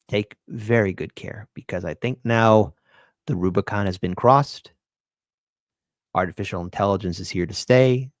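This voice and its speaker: A man's voice: fairly low pitch, no echo, clean studio sound. Earnest male commentary host. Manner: earnest, repeats phrases for emphasis. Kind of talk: casual solo commentary.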